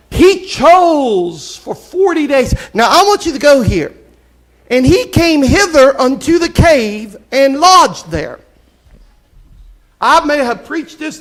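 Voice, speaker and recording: A man preaching a live church sermon, impassioned and folksy, with bursts of shouting. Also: extremely high pitch. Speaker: pastor. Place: church sanctuary.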